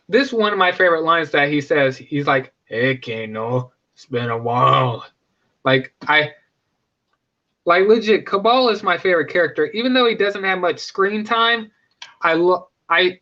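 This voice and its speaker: A young man chatting casually through a review, stumbling into restarts and filler words as he goes. His voice is high and bright. The recording is dull and lo-fi. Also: animated, normal speed. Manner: rambling, with many restarts and fillers. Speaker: movie reviewer.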